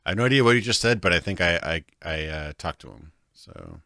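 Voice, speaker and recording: Gravelly, very low male streamer who muses aloud over gameplay, with a bright, dry close-mic sound. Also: expressive, fairly quick, dry recording. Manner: thinking aloud, chuckling, a bit confused. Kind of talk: livestream gameplay commentary.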